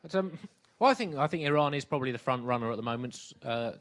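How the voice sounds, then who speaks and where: Deadpan comedy guy, fake serious, lots of ums. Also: mid-range voice, quick pace. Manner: deadpan, faux-serious, with hesitant fillers. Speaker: comedy double act partner. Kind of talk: deadpan satirical sketch.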